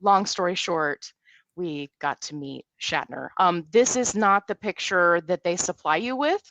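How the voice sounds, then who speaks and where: A woman in her forties, a podcast guest, telling a story in a lively way and acting out what people said. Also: fairly low pitch, measured pace, dry recording. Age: 40s. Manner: animated storyteller, acts out quotes. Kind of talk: casual storytelling in a podcast interview.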